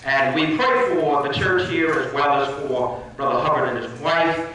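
A man's voice: on the high side, normal speed, pushed and bright. A man addressing a church congregation, leading call-and-response praise and thanking the choir. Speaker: minister. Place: church hall. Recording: echoey church hall from far off.

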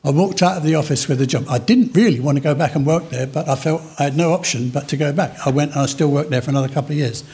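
An older man preaching a sermon, telling his own story with dramatic slow pauses. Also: a little high, vocal fry, a little mellow, slightly rough. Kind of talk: sermon testimony.

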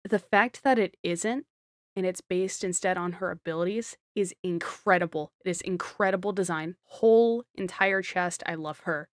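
A woman giving casual commentary on a video game, excitable and rambling, with giggles and self-deprecating asides. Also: fairly low pitch, moderate pace, no echo, clean studio sound. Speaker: gaming streamer.

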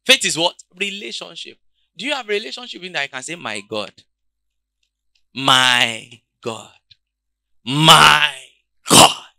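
A man preaching a sermon, calling out questions to the congregation and swinging between quiet, low passages and loud shouts. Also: big pitch swings, normal speed, creaky, dry recording. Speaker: pastor.

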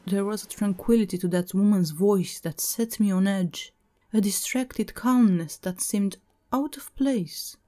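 A woman narrating a first-person horror story in a measured, even storytelling manner. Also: medium pitch.

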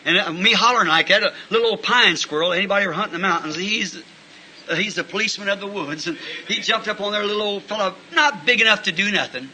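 A man preaching a sermon, telling folksy stories and breaking into shouts of praise. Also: sits high, quick pace, a little hiss or hum, rough recording. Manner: folksy, animated, bursts into shouting. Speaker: pastor. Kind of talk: sermon with storytelling.

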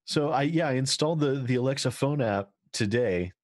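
A man's voice: medium pitch, expressive, brisk, dry recording, studio quality. A man chatting casually with his tabletop group over voice chat, rambling and laughing easily. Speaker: player. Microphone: voice-chat microphone.

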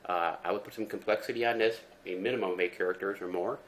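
Deep-voiced man walking through a tech tutorial. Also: quick pace, a little hiss or hum. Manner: relaxed step-by-step explaining with fillers. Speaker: tutorial presenter. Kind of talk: screen-recorded tech tutorial.

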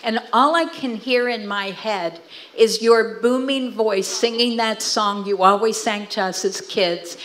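A woman's voice: medium pitch, unhurried, low-quality recording. A middle-aged woman telling family stories to a church audience, acting out what family members said. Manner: animated storytelling, acting out quoted family talk. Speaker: guest speaker. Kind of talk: storytelling talk to a church audience.

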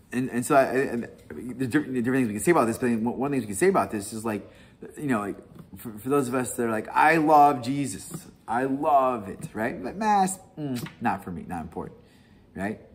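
A man's voice: medium pitch, fairly bright tone, a little hiss or hum. A young man casually leading a Bible study, rambling with frequent restarts, laughs and tag questions. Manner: rambling, laughs often, many restarts and "right?".

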